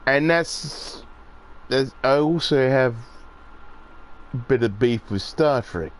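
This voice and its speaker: Profane ranting man, lively pitch. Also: takes it slowly. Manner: profane, ranting, voice jumps high when riled. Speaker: gaming streamer. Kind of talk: casual rant while playing.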